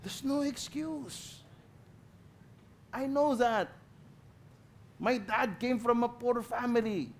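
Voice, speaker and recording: A high-voiced man with a Filipino accent preaches a sermon as a guest pastor. He's passionate, swinging from loud emphasis to quiet asides and slipping in Tagalog phrases.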